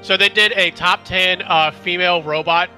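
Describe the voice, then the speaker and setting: Bright-voiced young gamer guy. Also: high-pitched, fairly even intonation, normal speed, soft background music. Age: 20s. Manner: wry, joking, rambling with fillers. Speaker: gamer streaming with a friend. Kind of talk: casual gaming chat.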